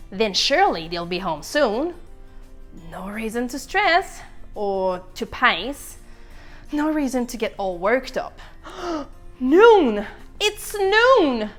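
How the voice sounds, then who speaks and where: A woman voicing a chatty, easily flustered little male egg who leads his friends, in a storytime read-aloud. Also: fairly high pitch. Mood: worried.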